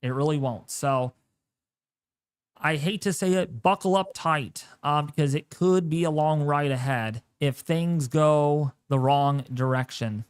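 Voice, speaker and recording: Slow-talking man giving weather commentary. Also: fairly high pitch, smooth, no echo. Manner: animated, jokey, exclamatory. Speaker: weather streamer.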